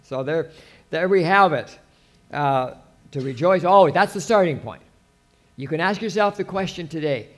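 A man's voice: on the high side, expressive, normal speed. A man preaching a sermon as a pastor, talking conversationally with anecdotes and restarts.

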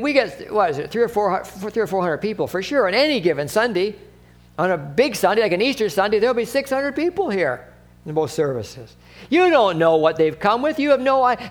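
A male pastor preaching in a conversational way, often acting out short exchanges and laughing. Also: a little high. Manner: conversational, acts out little dialogues, laughs often. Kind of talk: sermon.

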